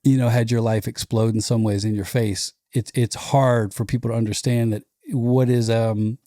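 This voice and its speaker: A former pastor in his forties talks through faith on a podcast in a relaxed, animated way, slipping into mocking voices for the people he describes. His voice is warm and mellow, and it sits close and dry on a studio mic. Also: medium pitch, moderate pace, dry recording. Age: 40s. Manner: lively storytelling with mocking quoted voices and restarts. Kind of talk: casual conversation.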